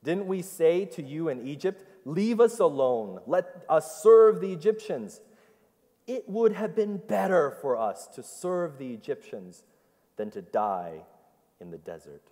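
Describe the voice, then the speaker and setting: A man's voice: sits low, unhurried, darkish tone, pitched below the performer's own voice. A man preacher voicing a sarcastic crowd of Israelites complaining to their leader, in a church hall with long reverb. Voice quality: mocking, sarcastic.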